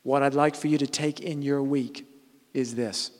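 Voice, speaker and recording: A man's voice: mid-range voice, fairly even intonation, normal speed, in a large hall. A man preaching a conversational sermon, earnest, often restarting and correcting himself mid-sentence.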